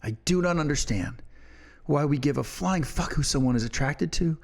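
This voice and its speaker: A man's voice: a little high, normal speed, gravelly. A middle-aged man and podcast co-host, talking in a fiery, profane and emphatic way. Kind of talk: impassioned opinion talk.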